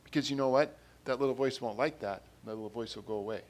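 With a mid-range voice and rapid delivery, a man preaches a sermon in earnest. He repeats himself and grows louder when reading quotes and scripture.

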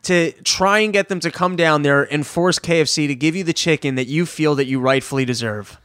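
A man chatting casually as a podcast host, laying out a scenario in an animated way. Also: a little high, fairly quick, smooth, no room sound, clean studio sound. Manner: animated storytelling, sets up bits. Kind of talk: casual chat.

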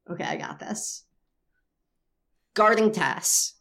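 A woman's voice: medium pitch, expressive, slow, gravelly, a bit bright. A woman co-hosting a podcast in casual chat, rambling and sarcastic, and she swears freely. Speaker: podcast co-host.

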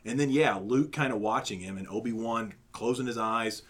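A man's voice: medium pitch, normal speed, husky. A man chatting casually as a podcast co-host, rambling with fillers and restarts. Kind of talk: casual movie ranking chat.

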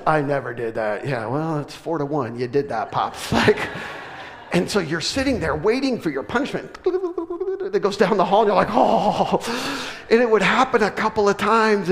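A middle-aged man preaching a sermon, telling a funny family story with laughs, then building to loud, emphatic preaching. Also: high-pitched. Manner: animated, joking, with laughs and sudden loud preaching. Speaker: pastor. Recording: long reverb of a large hall.

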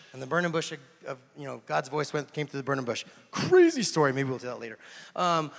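Gravelly-voiced man preaching in a reverberant hall. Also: a little high. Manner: joking, animated storytelling that drops to hushed intensity. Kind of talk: casual sermon. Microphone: handheld microphone.

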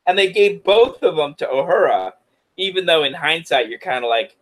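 A man's voice: a little high, sing-song, normal speed, pauses often, fairly bright tone, rough recording. A man co-hosting a podcast, giving wry, analytical comments in a casual discussion. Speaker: podcast co-host.

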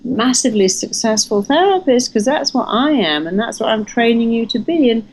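A woman's voice: on the high side, moderate pace, a little hiss or hum, poor audio. A woman, a hypnotherapist, talking emphatically in a casual interview and telling stories. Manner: emphatic, animated storytelling with acted quotes. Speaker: hypnotherapist and therapist trainer.

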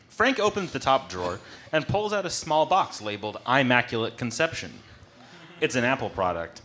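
A man's voice: medium pitch, very animated, moderate pace, bright, forceful tone. A man narrating a comedy scene, amused and often laughing mid-line. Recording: noisy recording.

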